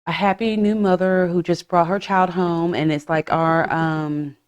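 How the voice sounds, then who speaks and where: A woman's voice: on the low side, measured pace, clean tone. A woman in her forties hosting a podcast, telling stories in casual chat and slipping into voiced asides, with frank swearing. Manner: animated storytelling with voiced asides and profanity. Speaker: podcast host.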